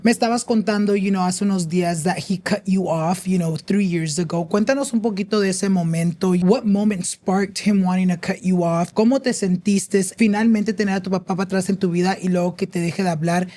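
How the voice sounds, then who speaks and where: A woman hosting a casual interview, mixing Spanish and English and dropping in quick "yeah"s. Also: medium pitch, dark tone. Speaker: podcast host.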